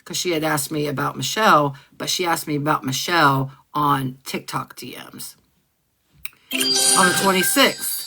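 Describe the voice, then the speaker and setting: A woman hosting a casual live stream, reading out old text messages and often clearing her throat. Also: lowish voice, fairly bright tone, a little hiss or hum. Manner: conversational, often clears throat, repeats herself. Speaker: livestream host.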